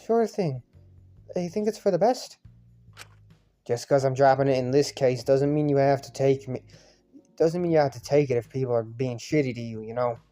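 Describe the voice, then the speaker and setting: A man voicing an earnest young peacemaker who talks gently and reasonably, over faint music. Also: mid-range voice, normal speed, natural voice. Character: earnest young peacemaker, soft-spoken and caring. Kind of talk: fan visual novel voice acting.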